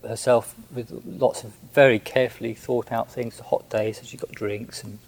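A man who is a Buddhist monk, recounting a personal story in a gentle, hesitant way with many restarts. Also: mid-range voice, level tone, moderate pace, rough recording.

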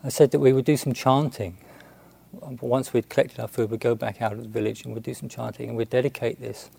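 A man, a Buddhist monk, telling a story in a halting, unhurried way with many restarts and fillers. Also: mid-range voice, steady tone, gravelly, dark tone, breathy edge. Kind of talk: storytelling talk.

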